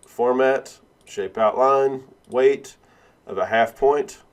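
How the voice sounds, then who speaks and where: Man walking through a software tutorial. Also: mid-range voice, slow pace. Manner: steady step-by-step walkthrough, self-correcting. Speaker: instructor. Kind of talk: screen-recorded software tutorial.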